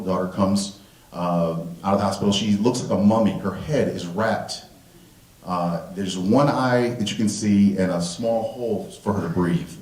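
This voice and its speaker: A man telling a personal story live on stage, animated and acting out the dialogue. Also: sits low. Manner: animated, acts out the dialogue and laughs at himself. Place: stage at a museum event hall. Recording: roomy hall, distant mic.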